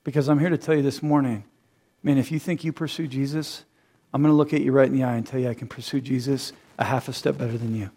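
A man in his thirties preaching a sermon, who acts out quoted voices and laughs at his own jokes. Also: fairly high pitch. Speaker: pastor.

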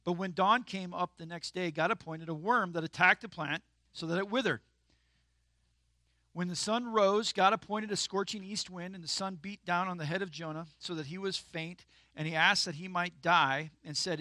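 A man's voice: high voice, fairly even intonation, moderate pace, bright, forceful tone, no room sound. A man preaching a sermon in a casual, conversational way, with emphatic outbursts. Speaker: pastor.

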